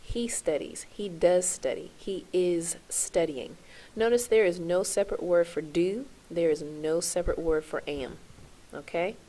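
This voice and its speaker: A woman's voice: lowish voice, unhurried, dark tone. A woman teaching a French lesson to her class, spelling out verb endings in a chant and checking in with "okay?" as she goes.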